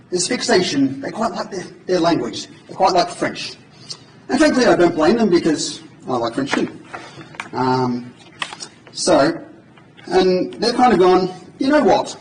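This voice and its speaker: A man's voice: sits high, big pitch swings, measured pace, pauses often, a little hiss or hum. A man at a conference giving an informal, joking live coding demo to an audience in a large hall. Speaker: conference speaker. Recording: echoey hall from far off.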